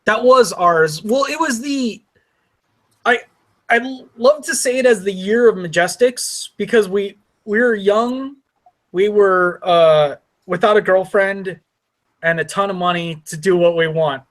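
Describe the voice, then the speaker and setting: A man's voice: high-pitched, a bit bright. A man chatting as a guest on a live-streamed gaming round table, rambling with many restarts. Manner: rambling, restarts and drawn-out laughs. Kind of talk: casual group chat on a live stream.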